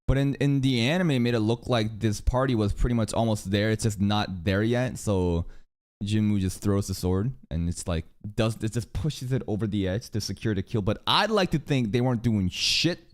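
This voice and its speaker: A man's voice: lowish voice, moderate pace. A man hosting a casual reaction livestream, swearing freely as he jokes and chats with his viewers.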